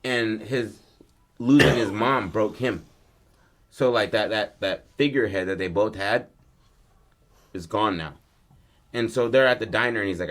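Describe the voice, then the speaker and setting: A male podcast host spins a story in casual, slangy talk, full of asides and restarts. His voice sits a bit low, and he gets animated as the tale heats up. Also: moderate pace.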